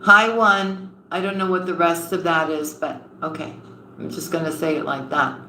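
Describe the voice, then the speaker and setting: A woman's voice: fairly low pitch, fairly even intonation, normal speed, sharp tone, a little hiss or hum. Affectionate tarot reader woman, roomy sound. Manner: affectionate, calls viewers honey and sweetheart. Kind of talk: live-stream tarot reading and chat. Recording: roomy echo with faint ambience.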